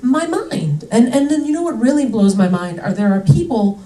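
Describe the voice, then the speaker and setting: A woman's voice: a little high, big pitch swings, normal speed, warm tone, reverberant, recorded from a distance, low-quality recording. A young adult woman doing a stand-up comedy set on a club stage, chatty and indignant, with lots of "like" fillers.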